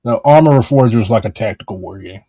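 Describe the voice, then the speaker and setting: A man's voice: lowish voice, lively intonation, fast, warm tone, husky, dry recording. An American man in casual political chat, talking bluntly and profanely in heated rants. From United States.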